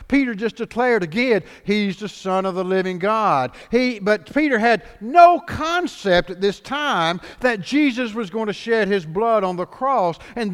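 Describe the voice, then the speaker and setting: Animated man preaching in a reverberant hall. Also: high voice. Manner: animated preaching, swings between loud and hushed, acts out quoted lines. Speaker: pastor. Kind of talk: sermon.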